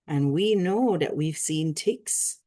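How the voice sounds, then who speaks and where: Lady moderator on a video call, lowish voice, reads out intros then jokes around. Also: expressive, takes it slowly, dark tone. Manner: chatty and joking between formal reading. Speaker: session moderator. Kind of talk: introducing speakers in an online session.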